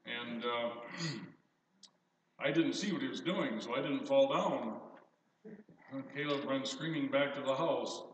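An older man preaching a sermon, reading scripture and telling stories in an animated, emphatic way. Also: mid-range voice, slow pace, long pauses. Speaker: pastor. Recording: echoey hall from far off, faint noise.

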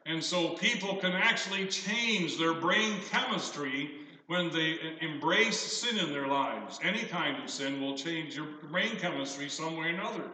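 A man's voice: fairly high pitch, normal speed. Older man preaching in an echoey hall. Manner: animated, emphatic storyteller. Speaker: pastor. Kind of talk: sermon with scripture reading and storytelling. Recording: echoey hall from far off, faint noise.

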